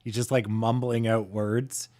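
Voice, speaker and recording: A man from Canada hosting a casual livestream, chatting with his viewers in a relaxed way and chuckling often. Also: fairly low pitch, unhurried. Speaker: livestream host.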